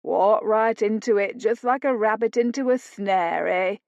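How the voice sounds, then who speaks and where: A woman's voice: mid-range voice, measured pace, creaky, a little mellow, no echo. A woman reading an audiobook, voicing a mocking, sardonic roguish man with a drawling sarcasm. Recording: dull dry lo-fi studio read.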